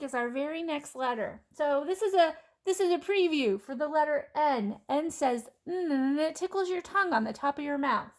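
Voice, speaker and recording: A woman teaching kindergarten children phonics, sounding out letters and words slowly and clearly in a patient, encouraging way. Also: sits high. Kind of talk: phonics lesson for young children.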